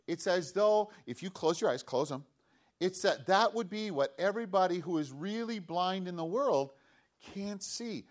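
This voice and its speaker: A man giving a storytelling sermon to children, animated, acting out the voices of the people in the story. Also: high-pitched, moderate pace.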